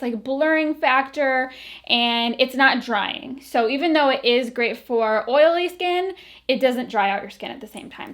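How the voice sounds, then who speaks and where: A woman with a slightly high voice talks through her favorite products in a chatty, rambling way. She sounds a little out of breath as she goes. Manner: chatty, filler-heavy, enthusiastic about products. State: a bit out of breath. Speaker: beauty vlogger. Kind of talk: casual product review.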